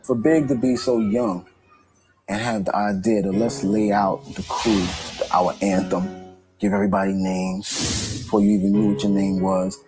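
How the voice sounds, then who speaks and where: A man from Brooklyn recalling his childhood in a documentary interview, slow and reflective. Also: on the low side, flat delivery, over music, poor audio.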